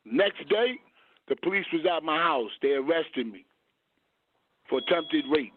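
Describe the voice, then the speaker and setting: A man's voice: fairly high pitch, animated, unhurried, slight background noise. A man hosting a radio talk show, telling a long personal story in a rambling way and stopping to search for words. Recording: dry phone-like radio audio.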